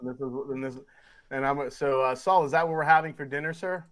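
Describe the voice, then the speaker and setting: A man's voice: medium pitch, a little fast, fairly bright tone. A man playing a tabletop game, joking and talking to the cook in character. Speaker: player. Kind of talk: casual tabletop role-play.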